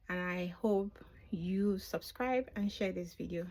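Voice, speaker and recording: Slowly and with few pauses, a middle-aged vlogger relates her birth story spontaneously in a mid-range, slightly mellow voice with fairly even intonation. The telling is emotional, and she whispers when it turns tender.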